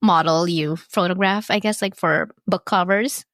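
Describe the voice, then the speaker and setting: A woman's voice: lowish voice, fairly even intonation, moderate pace, fairly bright tone, no room sound, clean studio sound. A woman co-hosting a podcast interview, asking curious questions. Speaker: podcast co-host. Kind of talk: casual interview.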